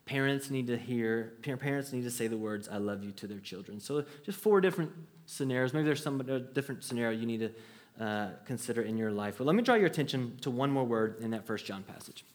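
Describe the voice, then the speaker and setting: A man's voice: mid-range voice, lively intonation, a little fast. A man in his thirties preaching a sermon to a congregation, earnest and conversational, with frequent restarts. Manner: earnest, storytelling with acted quotes, conversational restarts. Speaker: pastor.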